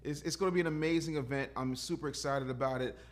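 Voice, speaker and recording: A man's voice: mid-range voice, fairly even intonation, fast talker. A man in his fifties, a guest on a podcast, talking casually in an emphatic, preachy way, swearing freely and acting out quotes.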